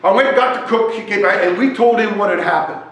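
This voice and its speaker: A man telling a joking, animated story as a sermon at a church service. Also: sits high, fast talker. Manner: animated, joking storyteller who wanders while talking. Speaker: guest speaker at a church service. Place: church sanctuary. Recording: echoey church hall.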